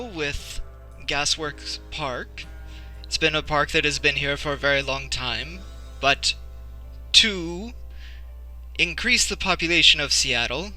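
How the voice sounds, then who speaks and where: A haughty vampire prince, put on by a man running a tabletop game, speaks with icy formality and a crisp, bright edge. Every word is measured and dismissive, and he answers objections curtly. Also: a little high, low-quality recording. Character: haughty vampire prince, male, cold and commanding.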